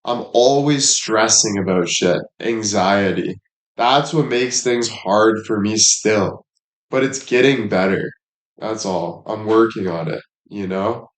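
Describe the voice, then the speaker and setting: A man's voice: fairly low pitch, slow, reverberant. A young man livestreaming, chatting casually in a rambling, profane, laid-back way.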